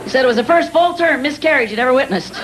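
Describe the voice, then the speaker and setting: Guy doing quick self-putdown jokes, crowd roaring over him. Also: very high-pitched, lively intonation, very noisy. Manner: rapid-fire, self-deprecating punchlines. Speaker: stand-up comedian. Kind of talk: self-mocking one-liner stand-up. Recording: live show with loud audience laughter.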